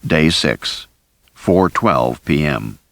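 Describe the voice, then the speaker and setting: Deep male audiobook narrator, lively pitch, dry studio sound. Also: drawn-out words, no room sound. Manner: deep, steady, lively delivery. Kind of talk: scripted first-person narration.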